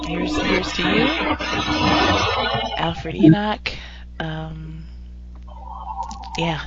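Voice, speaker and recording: A woman's voice: deep voice, fairly even intonation, extremely slow, pauses often, over music. A woman co-hosting a casual celebrity chat, playful and slangy, slipping into whispered asides. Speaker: podcast co-host. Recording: dull lo-fi recording with hum.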